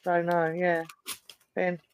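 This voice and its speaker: A woman's voice: fairly low pitch, completely flat delivery, takes it slowly, slight background noise. A woman guest on a podcast, chatting casually and mulling her picks aloud with small laughs.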